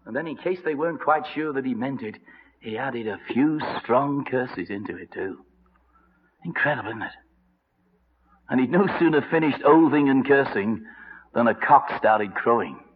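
A man preaching a sermon, telling the story with lively narration and acted-out voices. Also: mid-range voice. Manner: animated storytelling, acting out voices. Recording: reverberant dull old radio broadcast.

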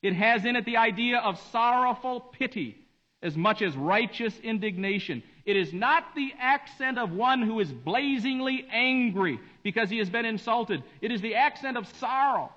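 High-voiced preacher on a dull recording. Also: male voice, lively intonation, normal speed. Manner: dramatic swings between hushed and emphatic delivery. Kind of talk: sermon.

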